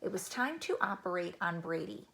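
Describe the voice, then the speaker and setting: A woman narrating a children's chapter book in a gentle, even reading voice. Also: on the low side, normal speed, vocal fry, slight background noise. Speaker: audiobook narrator. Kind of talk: storybook narration.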